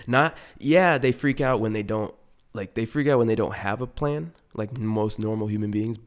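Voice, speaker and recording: A young man hosting a podcast, rambling through a profane, comedic monologue and slipping into voices for the people in his stories. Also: lowish voice. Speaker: podcast host.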